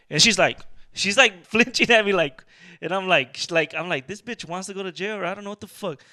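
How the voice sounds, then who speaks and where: Podcast guy telling a story fast, acts out all the lines, high bright voice. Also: no echo. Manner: animated, acts out dialogue in his stories. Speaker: podcast co-host. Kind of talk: casual storytelling chat.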